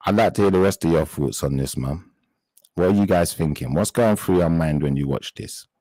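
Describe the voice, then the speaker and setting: A man hosting a live stream chat, talking straight to his viewers in an indignant, halting way and often reaching for words. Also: deep voice, dark tone, dry recording, rough recording.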